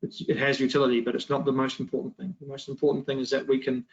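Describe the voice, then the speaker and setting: Male Sunday school teacher, mid-pitched, conversational and full of restarts; dull lo-fi recording. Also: monotone, fast, vocal fry. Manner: conversational, many restarts and rhetorical questions. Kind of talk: Bible class teaching.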